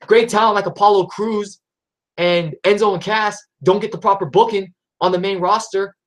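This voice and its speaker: A man's voice: high voice, steady tone, normal speed. Exasperated young man ranting. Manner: talks in bursts with restarts, voice jumps up when riled. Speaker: wrestling YouTuber. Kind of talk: ranting vlog commentary.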